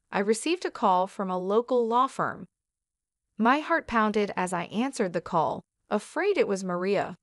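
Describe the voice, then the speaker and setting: A woman narrating a dramatic first-person story in an even, measured way. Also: medium pitch, no echo, studio quality.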